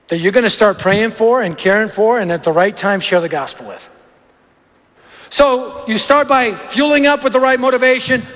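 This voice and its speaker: High-voiced preacher in an echoey hall. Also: male voice. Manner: animated, anecdotal, punchy lists. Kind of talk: sermon with storytelling.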